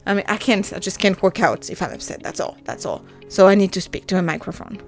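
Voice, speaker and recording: A woman's voice: medium pitch, quick pace, faint music behind. French-accented woman in her 30s, podcast host, casual and self-deprecating, laughs a lot. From France. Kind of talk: casual solo podcast monologue.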